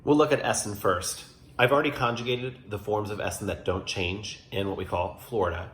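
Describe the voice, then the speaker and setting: A man's voice: fairly low pitch, steady tone, brisk, fairly bright tone, slight background noise. A man teaching German grammar at a whiteboard, explaining step by step and patiently, with emphatic stress on key words. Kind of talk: classroom lesson explanation. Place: classroom at a whiteboard. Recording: roomy classroom echo.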